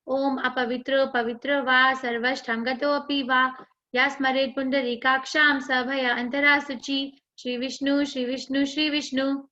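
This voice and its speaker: A woman with an Indian English accent, teaching an online class and reading scripture in a measured, deliberate way. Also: high-pitched, bright, forceful tone. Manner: measured, deliberate recitation with chanted mantras. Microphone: video call. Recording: dull lo-fi online call audio.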